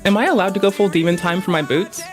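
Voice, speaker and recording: A streamer talks at an ordinary middle pitch in a loose, rambling reaction chat. The speech is playful and full of swearing. Faint music plays underneath. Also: quick pace. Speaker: live streamer.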